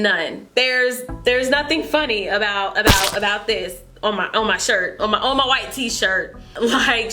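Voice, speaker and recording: A young adult woman vlogger telling a storytime to her viewers in an animated way, repeating herself as she goes. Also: fairly high pitch. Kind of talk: storytime vlog chat.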